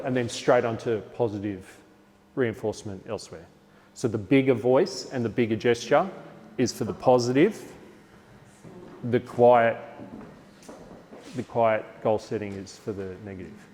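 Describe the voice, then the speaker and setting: An Australian man giving a lively workshop talk to teachers, acting out classroom lines with a bigger, brighter voice. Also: medium pitch, unhurried, long pauses, long reverb tail. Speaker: teacher trainer.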